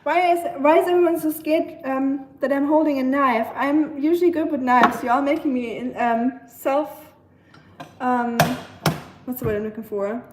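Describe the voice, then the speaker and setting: A woman's voice: high voice, steady tone, moderate pace, slight background noise. Chatty German woman in an echoey kitchen. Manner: chatty, talks back to viewers, searches for words. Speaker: livestreamer. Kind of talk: casual livestream chat while cooking. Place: home kitchen. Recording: echoey kitchen with clattering dishes.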